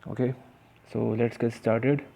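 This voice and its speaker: A man's voice: medium pitch, fairly even intonation, unhurried, gravelly, warm tone. A young man giving a casual vocabulary lesson, hesitant, with many restarts and fillers. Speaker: vocabulary teacher.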